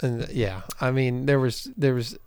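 A man's voice: medium pitch, measured pace, darkish tone, a little hiss or hum. A man co-hosting a podcast, joking dryly in a casual chat about a film. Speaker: podcast co-host.

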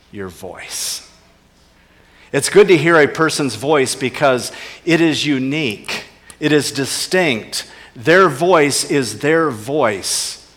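A man preaching with earnest conviction, pressing his points harder and then falling quiet and low. His mid-pitched voice carries a long reverb tail, as if in a large sanctuary. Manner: earnest preaching, rising emphasis, dropping to soft low asides. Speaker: pastor. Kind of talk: sermon.

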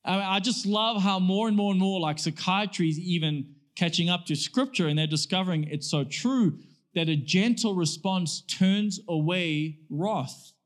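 A man's voice: high-pitched, moderate pace. A man preaching a sermon in a casual, conversational way, asking rhetorical questions and acting out quoted comebacks. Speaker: pastor.

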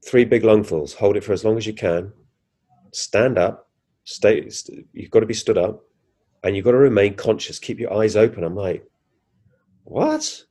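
A man's voice: fairly low pitch, moderate pace, dark tone. A man, a podcast guest animatedly retelling a personal experience, acting out his own reactions with frequent restarts. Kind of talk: casual first-person storytelling.

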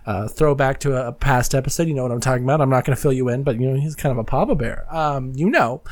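A podcast host giving a solo rundown of news stories in a gossipy, excitable, profane way, full of quick asides. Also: medium pitch.

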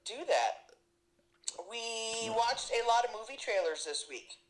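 A woman's voice: fairly high pitch, expressive, measured pace, crowd noise, poor audio. A woman co-hosting a casual podcast, blunt and teasing in her banter. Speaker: podcast co-host.

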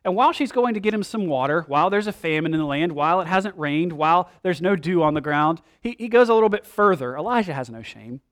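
Male pastor with a higher-pitched voice, animated sermon delivery, slangy retelling of scripture. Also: fast, few pauses.

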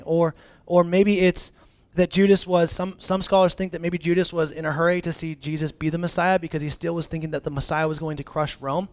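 In a high-ish, level voice, a pastor preaches briskly with hardly any pauses. His sermon to the congregation is casual and animated, peppered with filler words and restarted phrases.

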